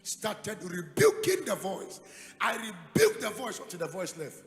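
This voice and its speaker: A man with a Ghanaian accent preaching a sermon, telling a story dramatically and building to loud, emphatic peaks. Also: high voice, wildly swooping pitch, unhurried. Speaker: pastor. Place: church hall. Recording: echoey hall with music behind.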